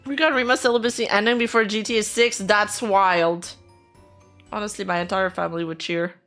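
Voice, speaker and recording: A woman's voice: mid-range voice, fairly even intonation, brisk, fairly bright tone, faint music behind. A young woman streaming live, chatting casually with her viewers in a blunt, teasing way and laughing often. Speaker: streamer reacting to viewer clips.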